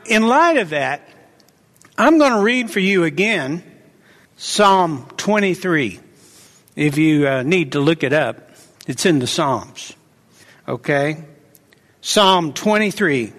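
High-voiced man preaching in a reverberant hall. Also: big pitch swings, slow, long pauses, a bit bright. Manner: emphatic, exhorting preacher, repeats declarations. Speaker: pastor. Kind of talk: sermon.

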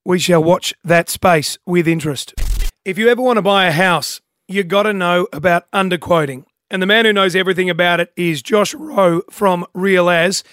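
Australian male breakfast radio host, brisk matey chat, fairly high voice, dry studio sound. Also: fairly bright tone, no room sound.

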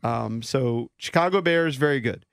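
A man's voice: medium pitch, a little slow, gravelly, no echo. Male co-host, mid-range voice, dry studio, reads out ratings. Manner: reads stats in a list-like delivery. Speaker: sports radio co-host. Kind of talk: sports talk radio.

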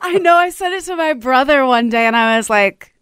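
An American woman in her twenties being interviewed as a guest singer, bubbly and quick to laugh. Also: high-pitched, expressive, fairly bright tone, clean tone, dry recording, clean studio sound. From United States. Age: 20s. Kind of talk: casual interview chat.

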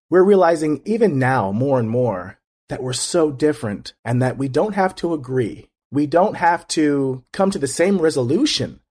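Husky guy guesting on a chat, earnest, restarts a lot. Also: fairly high pitch, darkish tone. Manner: earnest, reflective, with frequent restarts. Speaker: interview guest. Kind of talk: casual conversation.

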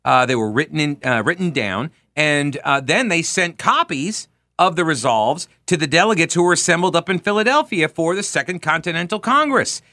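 Animated talk radio host, bright voice. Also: male voice, a little high, moderate pace, no room sound. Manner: animated, reads history aloud with mock grandeur.

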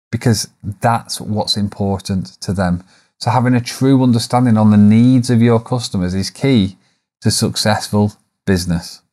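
A man's voice: fairly low pitch, darkish tone. A man hosting a solo podcast, talking reflectively in a coaching tone, posing rhetorical questions and adding the odd self-deprecating aside. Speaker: podcast host. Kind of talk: solo business podcast monologue.

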